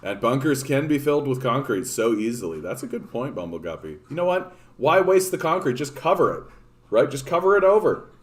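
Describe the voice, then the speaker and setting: Male livestream host from Canada, mid-pitched, rambling sarcastic rant full of swearing and false starts. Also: sing-song, fairly quick. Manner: profane, rambling, sarcastic, many restarts. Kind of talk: casual ranting livestream chat.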